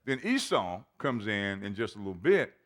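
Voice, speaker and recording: A man's voice: fairly low pitch, sing-song, moderate pace, a bit bright. A man, a pastor, preaching a sermon and reading scripture aloud with dramatic emphasis. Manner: reads scripture aloud in old-fashioned wording.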